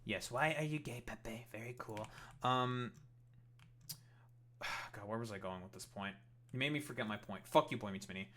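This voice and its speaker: A man's voice: fairly low pitch, normal speed, pauses often, bright, forceful tone. A man ranting in a reaction commentary, profane and rambling with many fillers.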